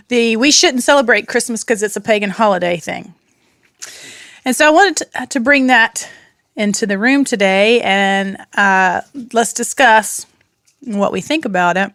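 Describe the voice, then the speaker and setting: Woman, podcast host, casual group chat, teasing, medium pitch, dry close sound. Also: measured pace, a bit bright, clear, resonant tone, no echo. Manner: chatty, teasing with nicknames. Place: studio room.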